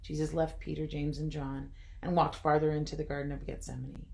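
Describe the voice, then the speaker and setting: Woman, low-pitched voice, devotional reading, reflective, wry asides, home recording. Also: little pitch movement, fairly quick, gravelly, a little mellow.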